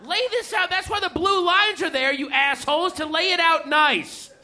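A male comedian playing a furious, fussy magazine editor who berates his staff with loud profanity. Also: very high-pitched, normal speed, a faint crowd, pitched above the performer's own voice, heavily acted.

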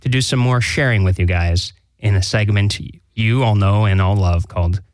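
A man's voice: lowish voice, normal speed, darkish tone, clean tone, dry recording. A man co-hosting a casual radio talk show, teasing his partner with dry humor and running through the show's lineup. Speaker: co-host.

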